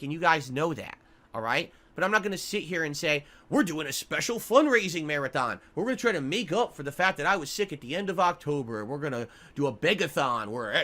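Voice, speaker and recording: A man streaming live, ranting angrily with heavy swearing and lots of repetition, going from loud outbursts to low muttering. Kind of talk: angry livestream rant.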